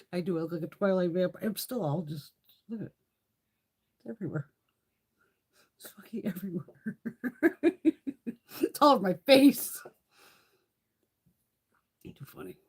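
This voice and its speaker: A woman's voice: fairly low pitch, lively intonation, unhurried, long pauses, husky. A middle-aged woman hosting a beauty livestream, chatting casually with viewers, laughing often and swearing freely.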